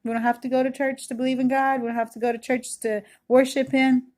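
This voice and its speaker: A woman's voice: sits high, little pitch movement, fast, darkish tone. Woman in her 30s, casual church testimony, earnest, rambling, close mic, home kitchen. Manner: earnest and rambling, full of "you know" and "like". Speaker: churchgoer giving a personal testimony. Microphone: self-recorded video, close mic.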